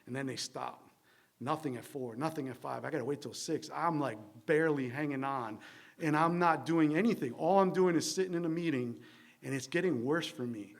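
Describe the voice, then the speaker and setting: In a church meeting room, a man from New Jersey with a slightly high, gravelly voice candidly shares his recovery story at a moderate pace. His conversational monologue rambles with fillers and tag questions, laced with wry, self-deprecating humor.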